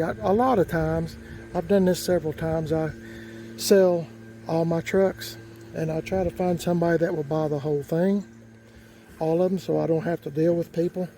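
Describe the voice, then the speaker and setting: A man's voice: a little high, dark tone, a little hiss or hum, low-quality recording. A man telling a rambling, folksy story outdoors, with lots of fillers and restarts. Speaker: vlogger. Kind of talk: casual storytelling.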